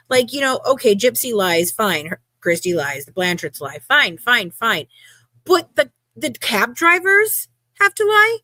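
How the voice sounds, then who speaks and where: A woman's voice: mid-range voice, a bit bright, dry recording. A woman co-hosting a casual live show, rambling and exasperated, restarting her sentences. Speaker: podcast co-host. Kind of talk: casual live-stream chat.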